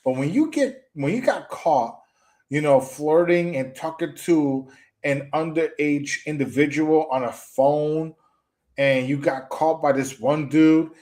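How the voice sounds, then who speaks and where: A man's voice: fairly high pitch, a little slow, a little mellow. A young man ranting on a commentary stream, trash-talking with mocking jabs, stumbling restarts and repeated phrases.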